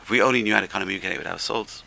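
A man's voice: on the low side, very fast, gravelly, sharp tone, low-quality recording. A man teaching a religious class who speaks in exclamations and uses Hebrew terms. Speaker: Torah teacher.

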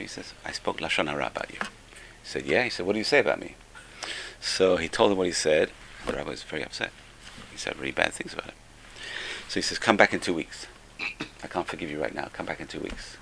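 An older man giving an informal Musar class, conversational, repeating key phrases and getting louder for emphasis. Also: low voice, gravelly, slight background noise. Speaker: Torah teacher.

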